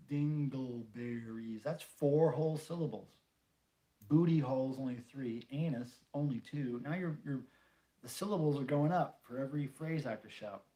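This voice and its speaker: Casual livestream host, middle-aged man, banters and reads chat, slightly raised pitch. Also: darkish tone. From North Carolina, USA. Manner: chatty, jokey, reads viewer comments aloud. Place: home room.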